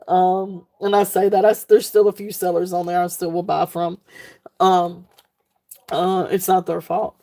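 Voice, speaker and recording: A woman's voice: medium pitch, dark tone. A woman hosting a live online jewelry sale from home, talking to her viewers in a rambling, heartfelt way with many fillers. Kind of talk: casual live-stream chat to viewers.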